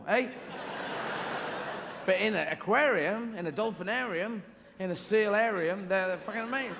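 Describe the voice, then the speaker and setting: A man's voice: high voice, normal speed, background noise. A man doing live stand-up comedy, rambling playfully with tangents and restarts, on a large theater stage. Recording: echoey live hall with audience. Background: audience laughter.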